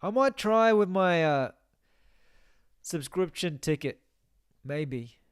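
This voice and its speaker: Chatty man streaming with a clear voice. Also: a little high, lively intonation, slow, no echo, studio quality. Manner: chatty, reads viewer comments aloud, muses to himself. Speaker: game streamer. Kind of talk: casual live-stream chat.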